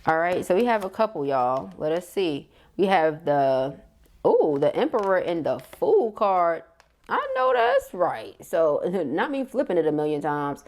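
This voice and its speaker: A middle-aged woman giving a casual, slangy tarot reading to camera, chatty and quick to laugh. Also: lowish voice, very animated, darkish tone. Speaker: tarot reader.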